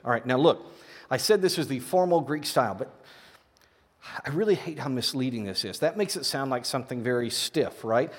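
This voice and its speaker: Animated male pastor in a reverberant hall. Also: medium pitch. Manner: animated, swings from quiet asides to loud exhortation. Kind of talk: sermon. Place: large church sanctuary.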